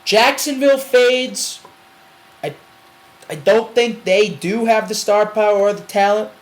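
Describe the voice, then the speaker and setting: This sports podcast co-host has a high-pitched voice and talks a little slowly, captured in a low-quality recording. On a casual sports show, he rambles through predictions and laughs while arguing.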